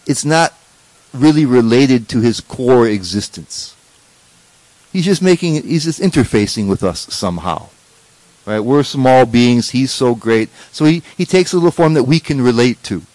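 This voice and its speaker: A man's voice: medium pitch, a little mellow, dry recording, low-quality recording. A man giving a conversational scripture class as a spiritual teacher, often restarting sentences and checking in with rhetorical questions.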